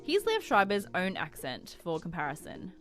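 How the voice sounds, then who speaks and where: A woman narrating a news explainer segment in a measured, scripted delivery. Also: on the low side, huge pitch swings, fairly bright tone, soft background music. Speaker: news reporter.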